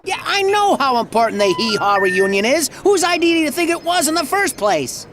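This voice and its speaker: Bombastic Southern country promoter, folksy bluster, over a noisy game track. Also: male voice, very high-pitched, sing-song, fairly quick. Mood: blustering rant. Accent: American Southern. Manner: bombastic, folksy, swinging from ranting to sheepish. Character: blustering Southern good-old-boy promoter, middle-aged man. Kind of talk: video game voice acting.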